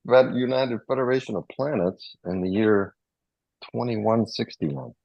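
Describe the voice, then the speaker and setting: A man's voice: on the low side, measured pace, vocal fry, no room sound, muffled recording. A man in casual group chat, eagerly explaining fan trivia with filler ums. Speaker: regular panelist.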